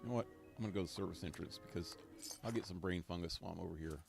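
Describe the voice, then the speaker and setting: Gravelly man rambling over game music. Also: sits low, rapid-fire. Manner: rambling talk to himself, easily amused. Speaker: live streamer. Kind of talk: casual gameplay commentary.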